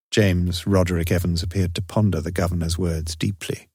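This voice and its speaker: A man narrates a crime story in a measured, even way, his voice sitting low. The recording is dry, with no room sound around him. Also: slightly rough, no echo. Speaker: audiobook narrator. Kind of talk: scripted narration.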